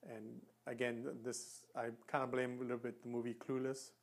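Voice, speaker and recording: A man's voice: medium pitch, monotone, brisk, gravelly. A man giving earnest advice to camera, often restarting his sentences and demonstrating with his body. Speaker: communication coach. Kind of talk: instructional talk to camera.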